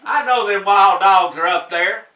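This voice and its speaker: Mischievous boy, eager and loud, as a man puts him on, heard from a distance in a roomy space. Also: high-pitched, a little slow, highs cut off, voice pushed up. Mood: scheming, excited. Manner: excited, loud, scheming. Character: mischievous young boy troublemaker.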